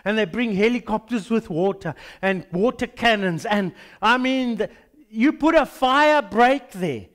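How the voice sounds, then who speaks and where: A man's voice: high-pitched, a little slow. A man with a South African accent, a pastor preaching a sermon and telling a story with acted-out dialogue. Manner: animated storytelling, acts out dialogues.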